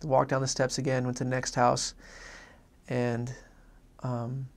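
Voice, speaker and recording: A former missionary, a man with a gravelly voice and flat, level pitch, gives a personal faith testimony from his missionary days. He's earnest and halting, often starting his sentences over.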